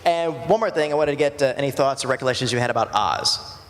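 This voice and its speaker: A man's voice: medium pitch, quick pace. A man moderating a convention Q&A, asking short, teasing questions. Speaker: panel moderator. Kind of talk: convention Q&A interviewing. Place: large convention hall. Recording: convention hall with long reverb.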